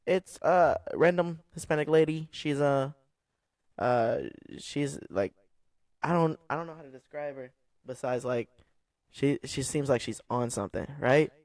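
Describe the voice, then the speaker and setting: A man's voice: on the high side, unhurried, a little mellow, no room sound. A man co-hosting a podcast, telling a long story in casual chat and checking in with his listeners as he goes. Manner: rambling storyteller, keeps asking "right?". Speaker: podcast co-host.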